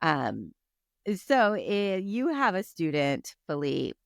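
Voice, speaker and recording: Woman co-host, casual chat, slightly low pitch, dry close mic. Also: sing-song, slow, vocal fry, dry recording. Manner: giggly, chatty, frequent "like" and "um". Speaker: podcast co-host.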